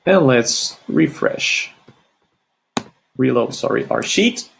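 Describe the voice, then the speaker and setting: A man with a French Canadian accent, a native French speaker, walking through a software tutorial in a halting, apologetic way with many fillers. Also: medium pitch, expressive, gravelly, a little hiss or hum. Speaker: tutorial host. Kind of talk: screen-recorded software tutorial.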